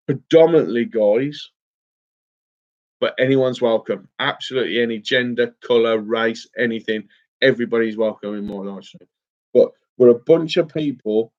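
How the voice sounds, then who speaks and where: A man's voice: medium pitch, darkish tone. Chatty man hosting a livestream. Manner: chatty, emotional, says mate a lot. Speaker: fishing livestream host. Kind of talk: casual livestream chat reading comments. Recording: slightly dull lo-fi stream audio.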